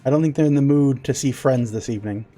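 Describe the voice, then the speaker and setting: A man's voice: mid-range voice, fast, mellow, soft background music, lightly acted. A man voicing a suspicious human woman guard who carries an axe, speaking curtly. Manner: curt and suspicious.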